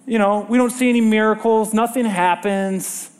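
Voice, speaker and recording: A preacher in middle age gives a sermon from the church stage, talking at a normal speed with a steady tone in a strikingly high voice. Animated stories fill his delivery, and he often addresses the congregation with rhetorical questions.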